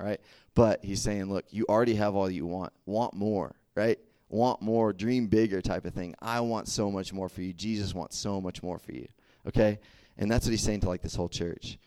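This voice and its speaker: A man's voice: fairly low pitch, a little fast, no echo. A young man giving a casual sermon, telling stories with acted dialogue and checking in with "right?" and "okay?". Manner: animated storytelling, acts out dialogue, frequent "right?" and "okay?". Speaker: youth preacher.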